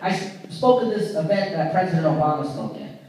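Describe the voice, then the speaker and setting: A male stand-up comedian on stage in a large theater, telling a story in an animated way with stammered restarts. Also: fairly high pitch, a little fast. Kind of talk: stand-up routine. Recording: echoey theater from far off, crowd noise.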